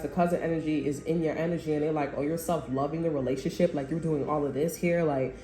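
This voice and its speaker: The voice is a woman's, low-pitched and darkish in tone. She's a tarot reader doing a casual, rambling reading full of profanity, slang and bursts of laughter, in an echoey room with a little background noise.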